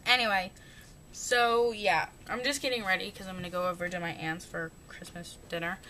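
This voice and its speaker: A woman's voice: normal speed, pushed and bright. A young woman chatting casually through her makeup routine, rambling and joking at herself. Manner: chatty, rambling, self-mocking. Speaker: beauty vlogger. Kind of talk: casual makeup tutorial chat. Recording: noisy home recording with rumble.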